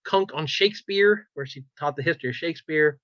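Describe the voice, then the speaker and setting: A man's voice: a little high, a little fast, fairly bright tone, no echo. A man co-hosting a casual pop culture podcast, animatedly retelling a show with lots of "like"s and restarts. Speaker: podcast co-host. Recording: slightly dull, dry recording.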